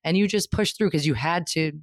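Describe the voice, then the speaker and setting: A podcast host with a middle pitch, recorded dry and close. The host talks in an emphatic, conversational way and circles back to stress a point. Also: fairly quick, no room sound. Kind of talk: conversational interviewing.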